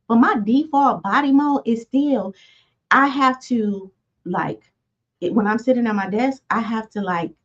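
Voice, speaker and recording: A woman in her forties giving a self-help talk as host, in a soft tone, conversational and full of fillers and asides. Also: mid-range voice, highs cut off. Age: 40s. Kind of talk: motivational teaching talk.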